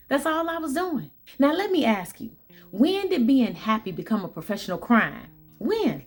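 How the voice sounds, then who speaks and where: Upbeat lady telling her temp job story to the camera, keeps repeating stuff, bit high voice, faint music behind. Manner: animated, repeats phrases for emphasis, talks to viewers; bubbly, upbeat. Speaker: vlogger telling a work story. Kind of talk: storytelling monologue.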